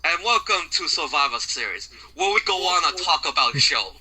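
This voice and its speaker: A man voicing a mock Eastern European announcer in a deliberately bad fake Eastern European accent, with broken English. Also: a little high, very animated, pushed and bright, husky, exaggerated voice, low-quality recording. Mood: hammy. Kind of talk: podcast intro bit.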